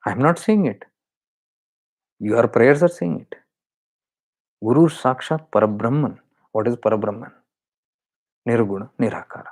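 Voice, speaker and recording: A man's voice: mid-range voice, expressive, normal speed, long pauses, a little mellow. A man with an Indian accent, a spiritual teacher explaining awareness in an earnest, repetitive way. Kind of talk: spiritual talk.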